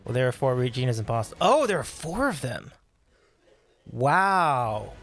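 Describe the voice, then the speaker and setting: A man hosting a casual livestream, reading and answering chat with upbeat, animated talk and frequent laughs. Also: mid-range voice, a little slow, faint music behind. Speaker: livestream host.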